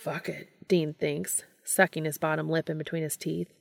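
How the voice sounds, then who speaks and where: A woman giving a steady, scripted narration of a romance story. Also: deep voice, moderate pace, gravelly, no room sound.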